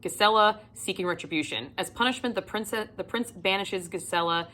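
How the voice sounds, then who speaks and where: A woman chatting casually in a book haul vlog, gushing and excitable, swearing freely and swinging between loud squeals and whispers. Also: medium pitch, moderate pace. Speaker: book vlogger.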